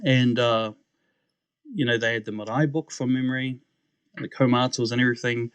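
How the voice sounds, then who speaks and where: Animated New Zealand man telling a story. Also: mid-range voice, fairly quick, clear, resonant tone, no room sound, dull audio. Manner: animated storyteller, often says "bro", acts out voices. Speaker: podcast guest. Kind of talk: testimony storytelling.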